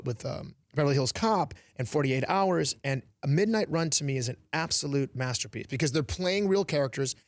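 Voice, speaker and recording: A man in his forties, an actor and comedian, chatting as a guest in a radio interview, lively and laughing, with many restarts. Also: fairly high pitch, dry recording, studio quality. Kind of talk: casual interview chat.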